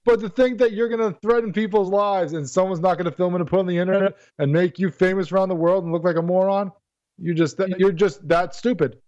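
Fast-talking high-voiced co-host man. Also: fairly even intonation, darkish tone, dry recording, lo-fi sound. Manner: quick, emphatic reasoning. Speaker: radio co-host. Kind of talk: talk show discussion.

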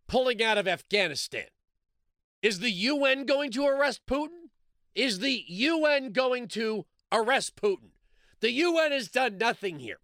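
A man's voice: very high-pitched, sharp tone, no echo, clean studio sound. A man hosting a talk radio show, delivering a sarcastic, combative monologue and repeating lines for emphasis.

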